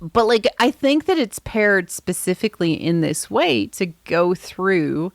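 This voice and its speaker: A woman's voice: mid-range voice, sing-song, unhurried, gravelly, no room sound, clean studio sound. A woman hosting a podcast, recapping in a rambling, enthusiastic casual chat with lots of fillers. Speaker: podcast host.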